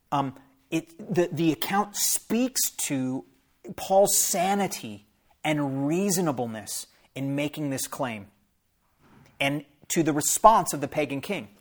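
A man's voice: on the high side, animated, unhurried. A man, a pastor, preaching a sermon and reading scripture aloud, stopping often for plain explanatory asides to his listeners.

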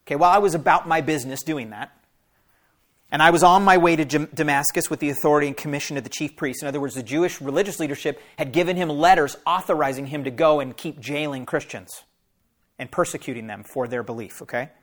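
A man's voice: fairly high pitch, fast. A man, a pastor, preaching a sermon and reading scripture aloud, stopping often for plain explanatory asides to his listeners.

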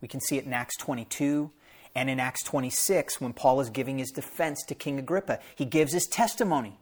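A man's voice: mid-range voice, brisk, breathy edge. A man, a pastor, preaching a sermon and reading scripture aloud, stopping often for plain explanatory asides to his listeners.

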